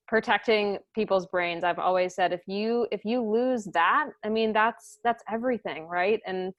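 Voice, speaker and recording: A woman hosting a podcast, earnest and grateful in a relaxed interview chat. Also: on the low side, no echo, dull audio. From outside Boston, US. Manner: earnest, grateful, quick to laugh. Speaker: podcast host.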